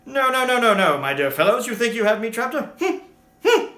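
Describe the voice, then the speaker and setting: A fussy, indignant old alien gentleman, as a man puts him on scolds in a raised, huffy, condescending voice. The room adds a roomy echo. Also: very high voice, big pitch swings, brisk, voice pushed up, exaggerated voice. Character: fussy, indignant elderly male time-traveling alien.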